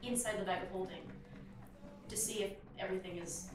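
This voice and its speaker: A woman's voice: mid-range voice, steady tone, a little fast, heavy reverb, distant mic, over music. A woman playing in a tabletop game, eager and giggly. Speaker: player. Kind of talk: casual tabletop game chat.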